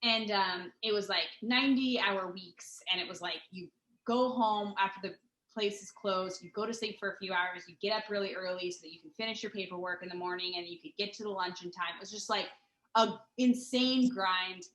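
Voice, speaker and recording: Woman, bright tense voice, rambling and sweary storyteller, room echo on the mic. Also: mid-range voice, brisk. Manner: rambling, profane, many fillers and restarts. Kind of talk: casual storytelling chat. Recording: roomy echo.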